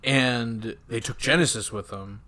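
A man casually retelling a film with lots of swearing and animated asides. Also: mid-range voice. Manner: profane, animated retelling with quick voiced asides. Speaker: podcast co-host recapping a film. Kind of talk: casual chat.

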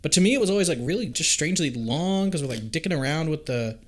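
Animated, profane man riffing on a movie. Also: a little high, fast. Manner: animated, profane, acts out characters' lines. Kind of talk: casual movie watch-along chat.

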